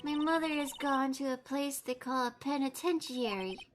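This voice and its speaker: Woman doing a timid little girl, high and childlike. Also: normal speed, lightly acted. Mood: sad. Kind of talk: reading game dialogue aloud. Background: lofi background music.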